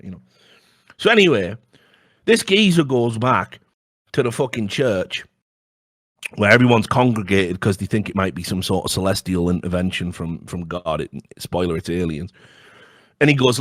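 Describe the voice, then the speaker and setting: A man co-hosting a casual comedy chat, telling rambling, profane stories and breaking into sudden high-pitched outbursts. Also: lively intonation, normal speed, dry recording, studio quality. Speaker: podcast co-host.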